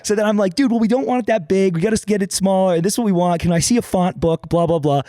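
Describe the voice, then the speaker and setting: Casting: slightly high-voiced male podcast co-host, hungover, profane rambling storyteller, dry close mic. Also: fast, dark tone, no echo. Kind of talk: casual storytelling banter.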